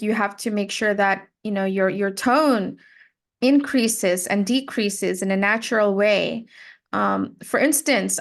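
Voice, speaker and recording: A woman tutoring English pronunciation, explaining patiently and modeling words and sentences. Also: mid-range voice. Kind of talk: giving spoken feedback in a one-on-one lesson.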